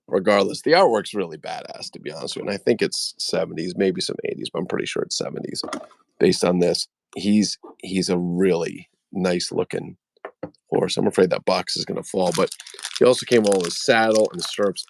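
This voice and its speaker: A man's voice: low voice, normal speed, gravelly, no echo. A man hosting a casual toy unboxing livestream from his phone, rambling and joking, greeting viewers by name. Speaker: toy collector livestream host.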